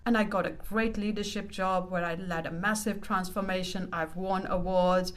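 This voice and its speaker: A woman's voice: lowish voice, steady tone, moderate pace. A woman from India, a leadership consultant speaking as a podcast guest, telling her story frankly and directly. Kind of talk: candid interview conversation.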